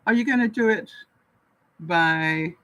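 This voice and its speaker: A woman's voice: on the low side, takes it slowly, fairly bright tone, dry recording, low-quality recording. Canadian woman vlogging advice, laughs a lot, acts out quotes, dry close sound. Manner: chatty, laughs often, acts out quoted lines. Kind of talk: casual advice talk to camera.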